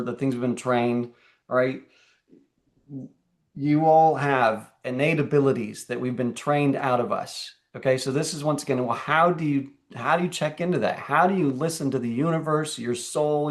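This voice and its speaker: A man presenting his coaching program to a group on a video call, energetic and checking in often with "okay?" and "all right?". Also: mid-range voice. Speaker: life and fitness coach.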